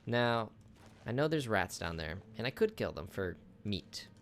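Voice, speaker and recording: A man's voice: lowish voice, sing-song, unhurried, a bit bright, a little hiss or hum. A man chatting casually through a video game, joking with the enemies he fights. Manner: chatty, jokes with on-screen enemies. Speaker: gameplay streamer. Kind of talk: casual gameplay commentary.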